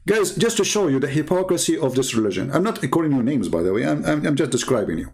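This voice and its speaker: A man in a polemical monologue who answers critics in a mocking, combative way and rises to loud, indignant outbursts. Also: fairly high pitch, big pitch swings, fast. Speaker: religion critic answering viewers.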